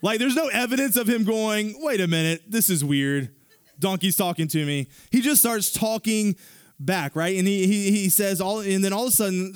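A man preaching a sermon, retelling a scripture story in a casual, animated way with fillers and asides to the congregation. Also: high-pitched, smooth, no echo, studio quality. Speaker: pastor.

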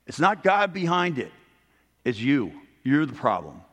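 A middle-aged man delivers a sermon with earnest conviction, his voice sitting in an ordinary middle register. He lifts his pitch and volume to drive home key points. His words ring out with a long reverb, as in a large hall. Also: sing-song, a little slow, a bit bright. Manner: earnest preaching, rising emphasis on key points. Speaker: pastor.

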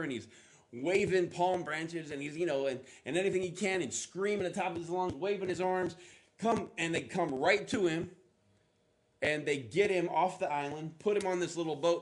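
A man preaching a sermon, telling a story with halting restarts and acting out the speakers with rising intensity. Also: fairly high pitch. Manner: animated, acts out the lines with rising intensity; halting, repeats words while searching. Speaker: pastor.

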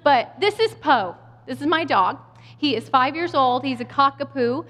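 Woman preaching with a lot of humor, bit high voice, acts out voices, long reverb in a big hall. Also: animated, moderate pace, fairly bright tone. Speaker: speaker giving a sermon. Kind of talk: storytelling sermon.

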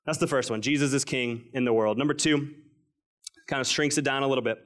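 A man in his thirties preaching a sermon, slowing down and dropping his voice to stress key lines. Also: mid-range voice. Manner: earnest preaching, stretches key phrases slowly, drops quiet for emphasis. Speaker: pastor.

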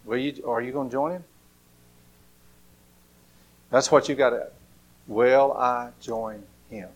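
A man preaching a storytelling sermon, swinging between loud bursts and hushed, near-whispered lines. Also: medium pitch, fairly even intonation, slow.

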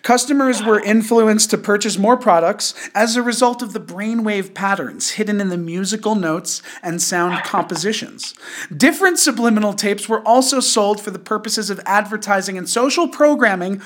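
A man's voice: high voice, normal speed. Rambling casual podcast host man. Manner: rambling, laughs often, loose slangy talk.

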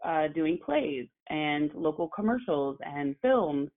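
A woman, an actress and journalist, telling her story as a guest in a casual conversation, animated and full of fillers. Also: low voice, slow. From Oklahoma. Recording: phone-like narrow sound.

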